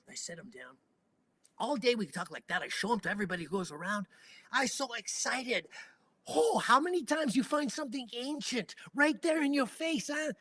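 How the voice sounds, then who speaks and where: An older man with a Hawaiian Pidgin accent, telling a first-person story in an animated, conversational way. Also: sits high, normal speed, no echo. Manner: animated, conversational, dramatic swings in loudness.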